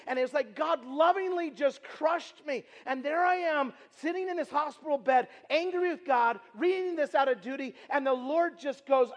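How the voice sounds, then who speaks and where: A man preaching a sermon as a traveling evangelist, telling a personal story in a conversational, animated way with filler words and loud emphatic moments. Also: very high-pitched. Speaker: itinerant preacher. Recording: long reverb from a large hall.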